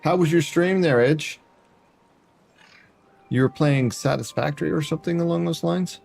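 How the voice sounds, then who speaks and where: A man's voice: a little high, normal speed, creaky, a little mellow. A man streaming a building game, chatting casually and talking to viewers by name as he plays. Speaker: variety streamer. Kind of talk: casual gameplay commentary.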